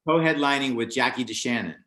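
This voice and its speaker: A man's voice: mid-range voice, quick pace, echoey room, a crowd in the background. Older male comedian telling a story. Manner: animated, acts out other people's lines with raised voice. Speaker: stand-up comedian guest. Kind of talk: storytelling anecdote in a casual interview.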